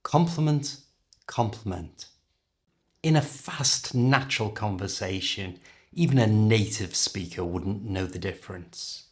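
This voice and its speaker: A middle-aged man with a British accent teaching an English lesson, carefully and clearly modelling how words are pronounced. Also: on the low side, unhurried. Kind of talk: language lesson.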